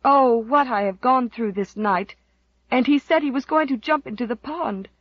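A woman voices a devoted middle-aged housekeeper, anxious and stammering. Her lively pitch climbs and falls. The sound is dry and a little muffled. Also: measured pace, husky, no room sound. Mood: frantic. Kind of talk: audiobook character voice.

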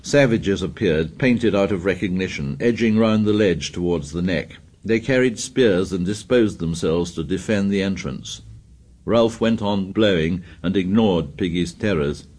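A man narrating a novel in a measured, steady storytelling manner. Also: low voice, husky. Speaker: audiobook narrator. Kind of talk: scripted narration.

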